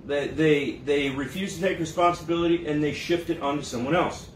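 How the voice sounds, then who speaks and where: Man, pastor, higher voice, chatty sermon, roomy echo from a distance. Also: fairly quick, a little hiss or hum. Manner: conversational preaching, acts out quoted voices. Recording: echoey room, mic at a distance.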